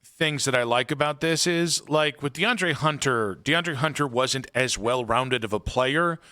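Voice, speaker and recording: Bright, forceful sports radio man. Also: medium pitch, measured pace. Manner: rambling, filler-heavy, opinionated. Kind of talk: casual sports talk. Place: radio studio.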